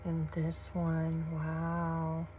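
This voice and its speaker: A woman, gushing softly as she shows off craft supplies in a casual vlog. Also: low voice, monotone, extremely slow, slight background noise, rough recording. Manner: gushing, soft-spoken, folksy. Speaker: crafting channel host. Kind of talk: casual show-and-tell vlog.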